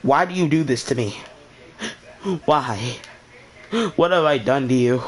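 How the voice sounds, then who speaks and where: A man's voice: medium pitch, a little slow. Exasperated young man rambling a story. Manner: rambling, exasperated, keeps asking why. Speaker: channel host. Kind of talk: casual storytelling to camera.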